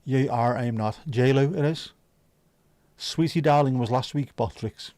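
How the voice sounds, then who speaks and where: A man's voice: medium pitch, a little slow, a little mellow, dry recording. A man hosting a livestream, chatting casually with viewers and teasing them. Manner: joking, teasing, chatty banter. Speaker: livestream host.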